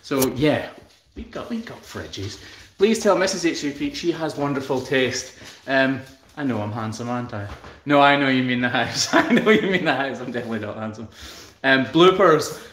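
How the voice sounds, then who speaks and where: A man's voice: medium pitch, moderate pace. Chatty Scottish man, echoey room. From Scotland. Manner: relaxed, chatty, self-deprecating humour. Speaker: hoof trimmer and channel host. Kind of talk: casual live-stream chat reading viewer comments. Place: room in his newly built house.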